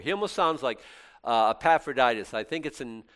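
Animated male preacher with lively pitch. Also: moderate pace. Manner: animated, swinging from loud exclamations to soft intimate asides. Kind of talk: sermon.

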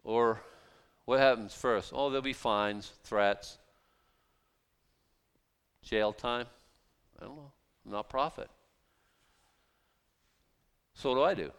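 Pastor preaching in a clear voice. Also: male voice, medium pitch, takes it slowly, long pauses, fairly bright tone. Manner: conversational preaching with quoted voices and rhetorical questions. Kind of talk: sermon.

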